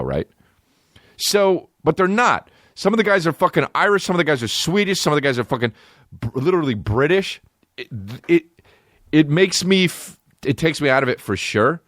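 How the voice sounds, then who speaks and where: A man's voice: medium pitch, dry recording, clean studio sound. A man hosting a podcast who riffs profanely through a casual comedic rant. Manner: profane, animated, riffing.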